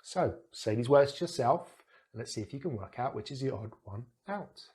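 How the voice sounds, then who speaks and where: British guy teaching pronunciation, drags out the vowels, patient and clear. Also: mid-range voice, animated, a little mellow. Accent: British English. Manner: patient, demonstrative, sounds out vowels slowly. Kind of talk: explaining pronunciation to camera.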